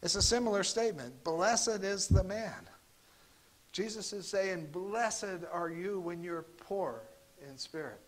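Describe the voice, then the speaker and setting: A pastor giving a conversational sermon, pausing often on fillers and restarting his sentences. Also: sits high, expressive, low-quality recording. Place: church sanctuary.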